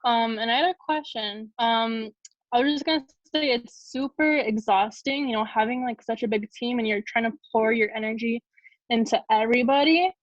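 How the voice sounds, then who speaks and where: A woman's voice: a little high, moderate pace, dry recording, dull audio. A woman asking a question on a call, hesitant and full of fillers.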